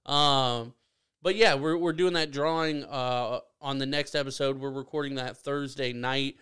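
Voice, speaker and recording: A man's voice: mid-range voice, fairly even intonation, a little slow, a bit bright, clean tone. A man hosting a podcast in casual, rambling chat, joking with his co-hosts and often restarting his sentences. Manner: rambling, self-correcting, joking. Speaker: podcast host.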